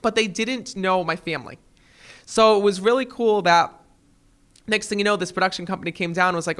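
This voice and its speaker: A man chatting as an interview guest, telling stories in an animated way. He talks fast in a fairly high voice, and his words tumble over each other. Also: clean tone. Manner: animated, acts out quotes in voices. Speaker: guest, TV psychic. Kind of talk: casual storytelling in an interview.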